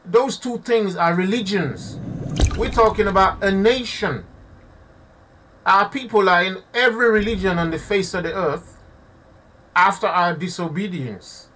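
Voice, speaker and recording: A man's voice: sits high, unhurried, fairly bright tone, far from the mic, slight background noise. A man giving impassioned live commentary to his audience, preaching and repeating himself, often calling listeners family. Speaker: online preacher.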